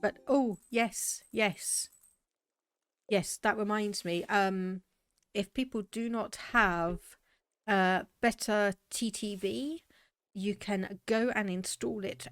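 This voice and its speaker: A woman's voice: medium pitch, dry recording. A young British woman chatting casually with her live viewers while loading a game, laughing often and thinking aloud. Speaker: game streamer. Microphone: desk microphone.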